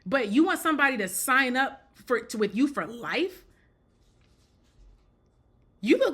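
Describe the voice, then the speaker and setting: A woman's voice: a little high, sing-song, unhurried, long pauses, fairly bright tone, slightly rough. A woman giving casual spoken commentary in a blunt, joking way, often repeating herself and breaking into laughter. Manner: repeats and restarts phrases.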